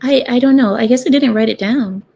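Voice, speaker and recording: A woman's voice: a little high, fairly quick, gravelly, warm tone, breathy edge. A young woman rants to her viewers in a loose, sarcastic vlog. She rambles, asks them questions and drifts off topic as she goes. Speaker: vlogger. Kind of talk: casual talking-head rant.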